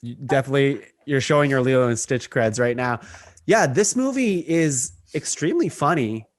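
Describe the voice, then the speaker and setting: A young man hosting a casual podcast chat, chatty and quick to laugh, often restarting his sentences. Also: mid-range voice, animated, dry recording. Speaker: podcast host.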